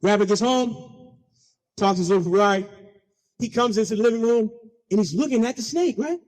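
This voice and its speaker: Brief: high-pitched man telling playful stories in a keynote, checking in with the room. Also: fairly quick, big-room sound. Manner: animated, call-and-response with audience; playful, slangy. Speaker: keynote speaker. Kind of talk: storytelling speech.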